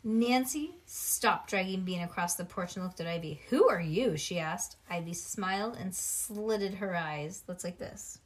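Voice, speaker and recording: A woman reading a children's storybook aloud in a lively way. She stops now and then for quiet asides to a child listening. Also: on the low side, unhurried, hardly any pauses. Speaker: reader.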